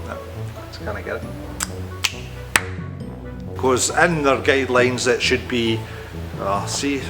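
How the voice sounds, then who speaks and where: Loud music plays behind a man with a medium-pitched voice as he shoots casual boat-building vlog outtakes to camera, indoors aboard a boat under construction. He speaks slowly with long pauses, stumbling over words, scolding and mocking himself, and cursing at his slips.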